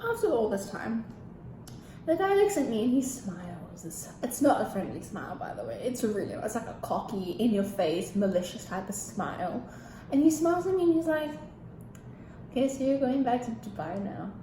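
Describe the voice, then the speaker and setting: Animated teenage girl ranting on a vlog. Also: fairly high pitch, normal speed, a little hiss or hum. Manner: animated, ranting, heavy swearing. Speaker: vlogger. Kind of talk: storytime vlog. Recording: echoey room with faint ambience.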